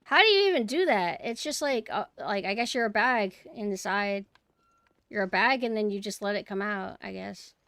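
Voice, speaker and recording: Bright-voiced woman streamer chatting with chat. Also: mid-range voice, expressive, normal speed, no echo. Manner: swings between quiet murmuring and loud exclaiming; chatty, talks to chat directly. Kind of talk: casual gameplay livestream chat.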